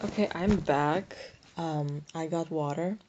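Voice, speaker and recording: A woman's voice: deep voice, slow, darkish tone, lo-fi sound, a little hiss or hum. A woman giving a casual, exasperated book review with a dry throat, recorded on a tablet without a microphone. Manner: exasperated, rambling, self-mocking. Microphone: built-in tablet mic, no microphone.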